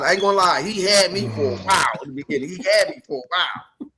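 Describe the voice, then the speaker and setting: A male podcast host with a high voice talks fast over a noisy background. In casual chat he tells a story animatedly, swearing a lot and acting out what people said.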